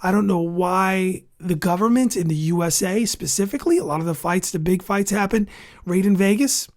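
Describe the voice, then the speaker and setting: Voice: mid-range voice, moderate pace. Heated boxing commentary host, indignant rant, blunt, repetitive insults, reads bits of an article aloud. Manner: ranting, indignant, repeats insults for emphasis; skims and reads an article aloud between outbursts. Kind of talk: opinionated commentary monologue.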